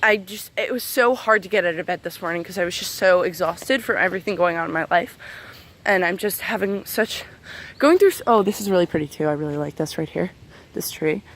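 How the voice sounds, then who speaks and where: A woman's voice: lowish voice, a little fast. A woman in her twenties angrily venting in a casual vlog, swearing a lot while walking outdoors among trees. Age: 20s. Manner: angry, profane, venting. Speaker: vlogger.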